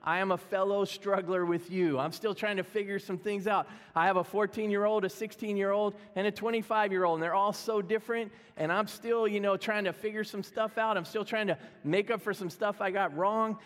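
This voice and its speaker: Middle-aged man, pastor, humorous conversational sermon, high voice, long church-hall reverb. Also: fairly even intonation, fairly quick, hardly any pauses, fairly bright tone. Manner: humorous, self-deprecating, conversational. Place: church sanctuary.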